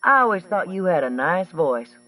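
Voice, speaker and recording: A man reading an audiobook, voicing a rough, brawling woman trucker with a twangy drawl who talks blunt and profane. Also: sits high, very animated, moderate pace, pushed and bright, no echo, distant mic, voice pushed up, exaggerated voice, rough recording. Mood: friendly. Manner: blunt, profane, matter-of-fact.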